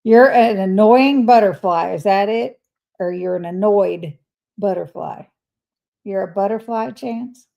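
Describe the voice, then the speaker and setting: With a creaky, mid-range voice and a measured pace, an older woman runs a casual livestream where she reads viewer messages aloud and answers them warmly and chattily. The recording sounds rough.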